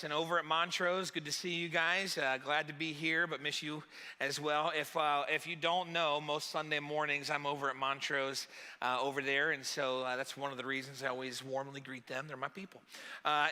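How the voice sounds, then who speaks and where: A male pastor preaches in a loose, joking way, his voice pitched high for a man. His tone is bright and sharp, and it carries a long reverb from a church hall. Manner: chatty, joking, animated. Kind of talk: sermon.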